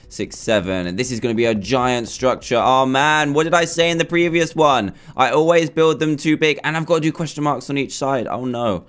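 Flustered gaming commentator. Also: male voice, medium pitch. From England. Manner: chatty, flustered, talks himself through building. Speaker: gaming YouTuber. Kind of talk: gameplay commentary.

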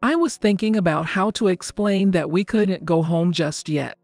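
An older woman narrating a first-person family story in a calm, even, scripted storytelling delivery. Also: on the low side, normal speed, no room sound. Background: faint background music.

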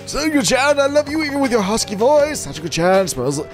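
Man doing a lovesick boyfriend, pitched up high and whiny. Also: very animated, fairly quick, faint music behind. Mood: obsessive. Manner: whiny, overwrought, repeating himself. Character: lovestruck obsessive young boyfriend. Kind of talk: voice-acting game dialogue for a stream.

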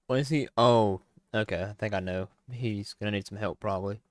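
A young man hosting a gaming livestream, chatting in a relaxed, unhurried way over a headset. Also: on the low side. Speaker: streamer host. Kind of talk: casual gaming chat.

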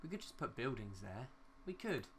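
A man's voice: medium pitch, very animated, moderate pace, fairly bright tone, a little hiss or hum. A young man giving casual, rambling commentary while building in a city game, talking to himself and swearing mildly at glitches. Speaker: gaming YouTuber.

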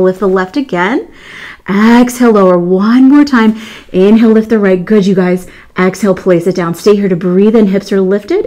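A woman teaching a Pilates mat class, calmly cueing breaths and counts and praising often. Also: medium pitch. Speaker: Pilates instructor. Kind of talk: guided exercise class instruction.

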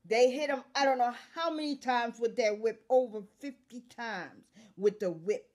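A woman reading scripture aloud verse by verse, calling out verse numbers and restating each passage in plain words, with pauses where she coughs. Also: a little high, a little mellow. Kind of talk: Bible reading with commentary.

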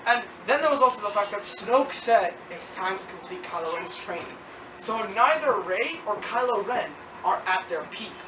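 A movie reviewer talking casually and excitably, rambling with lots of "like" and acting out quotes. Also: medium pitch, far from the mic. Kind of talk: casual film review chat. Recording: echoey room from off-mic with noise.

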